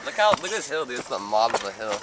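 A man's voice: mid-range voice, sing-song, quick pace. A young man co-hosting a casual vlog outdoors, teasing and sarcastic and swearing freely, recorded on a handheld camera. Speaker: vlog co-host. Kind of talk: casual goofing-around vlog. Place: outdoors on a walk. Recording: loud outdoor noise on camera audio.

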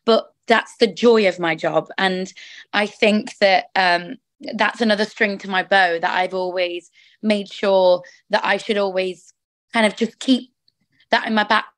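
Woman, actress, eager casual interview talk, dry close sound, mid pitch. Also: fairly even intonation, measured pace, fairly bright tone, no echo. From England. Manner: enthusiastic, chatty, frequent restarts. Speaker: musical theatre actress, interview guest.

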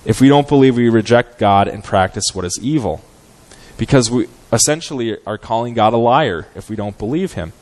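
A man preaching an earnest, measured sermon as a guest preacher in a church, with frequent "um" fillers. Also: lowish voice, a little mellow, rough recording. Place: church sanctuary.

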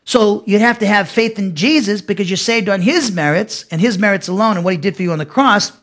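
Emphatic high-voiced male Bible teacher. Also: brisk, fairly bright tone. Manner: emphatic, repeats himself, restarts phrases. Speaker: pastor.

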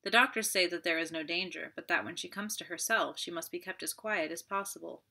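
A woman's voice: fairly low pitch, a little fast, bright, forceful tone. A woman reading a pompous French magistrate. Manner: pompous, sighing, chatty. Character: fussy self-satisfied older French magistrate, man.

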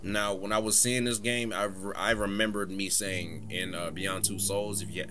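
A man's voice: fairly low pitch, normal speed, background noise. A man giving casual commentary while playing a horror game, talking back to the game, swearing and joking through the scares. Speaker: gaming streamer.

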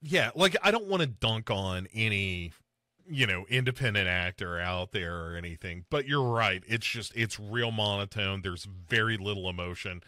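A man hosting a podcast, chatting casually about a film and mimicking its characters with big swings in pitch. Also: lively intonation, moderate pace, pushed and bright, dry recording, studio quality. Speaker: podcast host. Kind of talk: casual chat reviewing a film.

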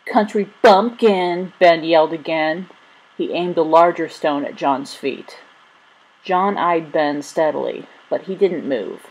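A woman narrating a children's story in an expressive reading. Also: low voice, unhurried, low-quality recording.

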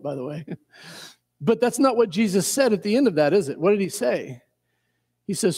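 Earnest high-voiced male pastor in a reverberant church. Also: darkish tone, breathy edge. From Indiana. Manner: earnest, repeats words and restarts often, chuckles at himself. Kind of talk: sermon. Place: church sanctuary.

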